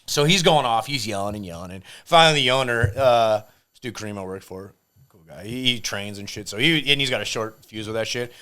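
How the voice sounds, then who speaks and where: A man on a podcast telling a profane, animated story and acting out the people in it. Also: fairly low pitch, fairly quick, smooth. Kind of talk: casual storytelling.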